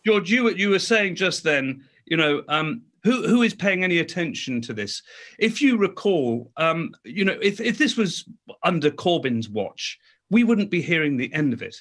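A man's voice: fairly high pitch, big pitch swings, moderate pace, fairly bright tone. A man speaking as a talk show guest, emphatic and indignant, often restarting his sentences. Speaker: guest commentator.

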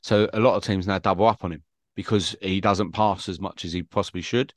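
Low-voiced man telling football stories. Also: fairly even intonation, brisk, no room sound. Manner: rambling anecdotal storytelling. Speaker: podcast co-host. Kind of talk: casual football fan chat.

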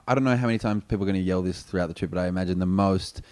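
A man's voice: sits low, rapid-fire. An Australian man co-hosting a casual chat show, telling stories with energy and laughing often. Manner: animated storyteller, laughs often, acts out voices.

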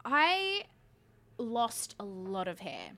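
A woman's voice: fairly high pitch, huge pitch swings, drawn-out words, bright, forceful tone. A woman in her thirties co-hosting a podcast, telling stories in casual chat, chatty and self-mocking. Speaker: podcast co-host.

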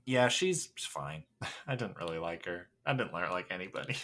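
Blunt, low-voiced man panning a movie. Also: very animated, moderate pace, fairly bright tone. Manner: blunt, dry, curses when criticizing. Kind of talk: casual movie review chat.

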